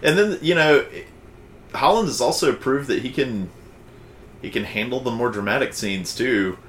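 A man's voice: medium pitch, moderate pace, fairly bright tone, a little hiss or hum. A man co-hosting a casual podcast chat, reading out draft picks and stumbling over names. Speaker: podcast co-host.

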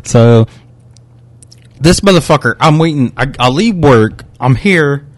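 A young man co-hosting a podcast, retelling a complaint in a heated, profane, animated way. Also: mid-range voice, a little slow, no echo. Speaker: podcast co-host. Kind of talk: casual chat, storytelling a complaint.

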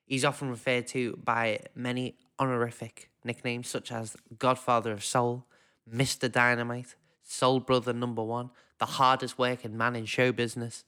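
A man's voice: mid-range voice, level tone, moderate pace, hardly any pauses, bright, forceful tone, clean tone. A man co-hosting a podcast in casual chat, dry and joking, laughing often. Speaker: podcast co-host.

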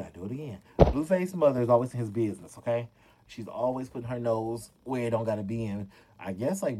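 A man's voice: fairly low pitch, mellow, rough recording. A man hosting casual gossip commentary, chatty and dramatic, talking straight to his viewers with lots of fillers. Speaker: commentary host.

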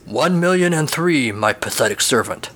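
A man's voice: mid-range voice, lively intonation, moderate pace, fairly bright tone. A man voicing a grumpy, bossy male horse general in a storybook tale, commanding and contemptuous. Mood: scornful.

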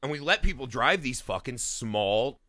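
A man from Indiana spins a wild story in casual podcast talk, swearing freely and laughing along. His voice is bright and forward, and the recording is dry and close. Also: mid-range voice, normal speed, no room sound. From Indiana, USA. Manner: profane, animated storytelling with frequent laughs. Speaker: podcast co-host. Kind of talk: casual chat.

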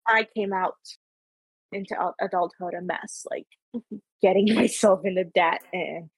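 A woman's voice: on the low side, fairly even intonation, a little slow, breathy edge, no room sound, low-quality recording. Rambling young Ontario-accented woman host. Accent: Canadian, Ontario. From Canada. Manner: rambling, many "like" fillers. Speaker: podcast host. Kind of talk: casual chat.

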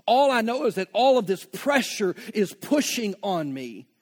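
A man preaching a sermon with passion, moving from hushed reflection to loud, rising appeals. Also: high voice, big pitch swings, measured pace. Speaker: pastor.

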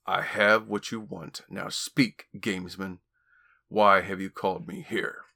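A man's voice: lowish voice, unhurried, vocal fry, sharp tone, full character voice. A man voicing a cruel, one-eyed alien warrior who speaks in a menacing growl.

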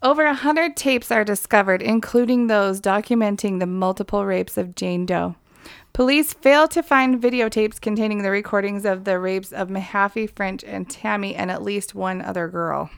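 A woman's voice: mid-range voice, normal speed, vocal fry, smooth, dry recording, clean studio sound. A woman co-hosting a casual true-crime podcast. She giggles often and mimics the people she talks about in put-on voices. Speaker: podcast co-host.

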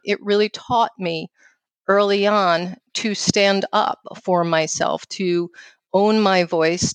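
A woman in her fifties with a New York accent, a guest speaking in an outspoken, quick, casual way with lots of "you know.". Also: medium pitch, smooth, no echo. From New York City. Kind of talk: casual interview conversation.

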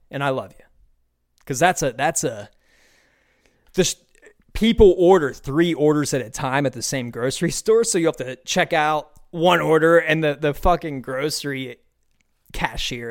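A young American man in his twenties hosting a podcast, ranting in a casual, comedic monologue, animated and profane with quick bursts of enthusiasm. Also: fairly high pitch. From United States. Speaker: podcast host.

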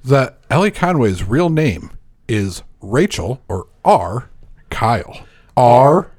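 A man's voice: mid-range voice, very animated, takes it slowly, darkish tone, slightly rough. A man co-hosting a movie podcast, giving short, laid-back answers in casual chat. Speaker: podcast co-host.

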